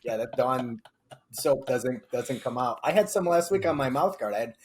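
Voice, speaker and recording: A man's voice: mid-range voice, animated, moderate pace, a little mellow. A middle-aged man co-hosting a casual podcast, telling stories and laughing often. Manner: laughing storyteller. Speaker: podcast co-host. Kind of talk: casual chat. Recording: faint background noise.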